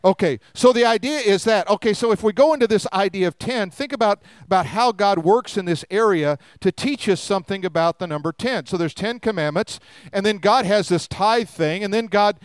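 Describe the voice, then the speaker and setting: Guy pastor preaching, high clear voice, jokey, does little voices, dry sound. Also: a little fast, no room sound. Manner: humorous, acts out quoted voices. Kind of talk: sermon.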